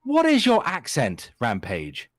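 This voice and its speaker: A man's voice: on the high side, wildly swooping pitch, takes it slowly, no echo. A man on a livestream panel, trading crude, mocking banter.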